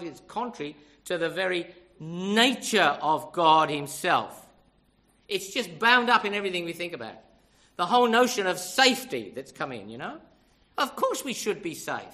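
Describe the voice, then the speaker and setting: A man's voice: high-pitched, big pitch swings, normal speed, pushed and bright. An older man preaching a sermon, emphatic and conversational, often asking the congregation rhetorical questions.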